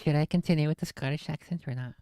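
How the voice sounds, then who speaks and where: A woman's voice: low voice, fast, warm tone, clear, resonant tone, dry recording, clean studio sound. A woman streamer reading a book aloud on a casual stream, with playful, self-mocking asides.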